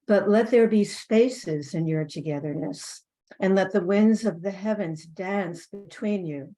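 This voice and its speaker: Slow, mellow woman reading poetry. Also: medium pitch, low-quality recording. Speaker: community member reading aloud.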